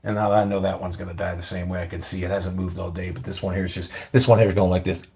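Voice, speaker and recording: A man's voice: deep voice, level tone, fast, a little mellow. Blunt, profane middle-aged man rambling. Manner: blunt, profane, rambling, often drops to a mutter. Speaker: vlogger. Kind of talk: casual rambling monologue.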